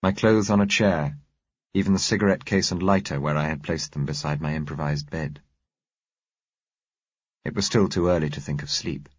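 A man narrating an audiobook in a measured, even storytelling manner. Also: a bass voice, husky, dry recording. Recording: dull, muffled recording.

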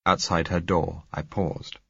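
A man narrating a novel in first person, in a measured, reflective way. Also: low-pitched, level tone, vocal fry, bright, forceful tone, breathy edge, no room sound, dull audio. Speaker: audiobook narrator.

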